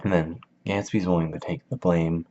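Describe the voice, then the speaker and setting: A man's voice: deep voice, fairly even intonation, normal speed, dark tone, a little hiss or hum. A man giving a casual book summary in a slangy, rambling, jokey way, in a dull lo-fi recording. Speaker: video host.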